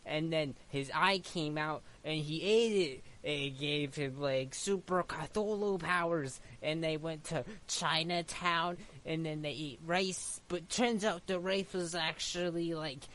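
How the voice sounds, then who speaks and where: A man's voice: a little high, takes it slowly, few pauses, fairly bright tone. A man telling an improvised, rambling story full of stammering restarts.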